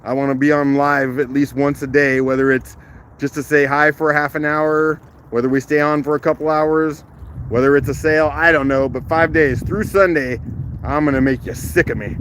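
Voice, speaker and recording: A man hosting a casual live stream outdoors on a rocky shoreline, chatting, greeting viewers by name and laughing easily, recorded on a phone held in one hand, his voice a little rough from the morning. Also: on the high side, little pitch movement, moderate pace, a bit bright, slight background noise. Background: faint outdoor waterside ambience.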